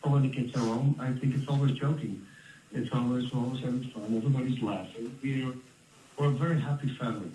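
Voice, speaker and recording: A Dutch man in his fifties telling stories in a casual interview, animated and laughing often. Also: mid-range voice, a little fast, slight background noise. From Netherlands. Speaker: interview guest, former fighter. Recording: roomy, distant mic with faint ambience.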